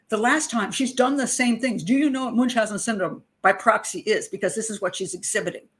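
A middle-aged woman, a criminal profiler, tells a personal story in an animated, indignant way with wry laughter. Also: medium pitch, fast, hardly any pauses.

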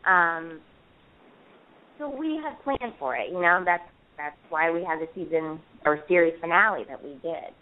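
A woman's voice: lowish voice, expressive, moderate pace. Chatty woman over a tinny phone line. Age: 30s. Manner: chatty, many fillers and restarts, playful. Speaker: actress guest. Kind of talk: casual interview chat.

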